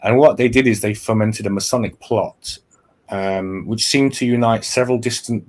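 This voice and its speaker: A male podcast host explaining a historical plot in casual talk. He reads from notes and keeps stopping to restart and correct himself. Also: on the low side.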